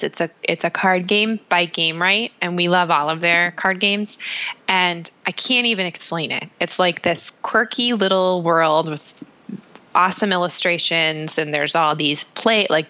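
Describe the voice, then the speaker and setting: A woman's voice: fairly low pitch, a little slow, pushed and bright, low-quality recording. A woman co-hosting a podcast in casual chat, teasing and giggly. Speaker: podcast co-host.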